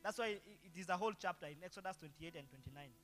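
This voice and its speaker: Male pastor, high bright voice, preaching in a reverberant hall over light guitar. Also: racing. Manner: preaching with rhetorical call-and-response questions. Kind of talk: sermon.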